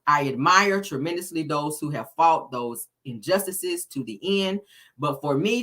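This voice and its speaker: A sassy woman dishes celebrity gossip in a chatty way. Her lowish voice swoops all over as she talks, and she keeps calling her viewers honey and baby. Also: fairly bright tone. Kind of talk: casual gossip commentary.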